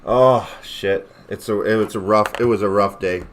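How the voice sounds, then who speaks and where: A man's voice: on the low side, steady tone, normal speed, a little hiss or hum. Rambling, foul-mouthed man on a livestream. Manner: rambling, swears a lot, jokey. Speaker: livestream host. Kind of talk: casual livestream rant.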